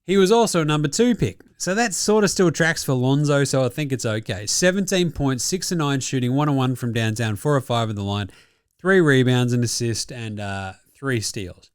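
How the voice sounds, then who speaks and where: Lively jokey Australian man. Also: medium pitch, normal speed, clean tone, no room sound, studio quality. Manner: profane, jokey, laughs often. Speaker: basketball recap host. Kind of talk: casual sports recap commentary.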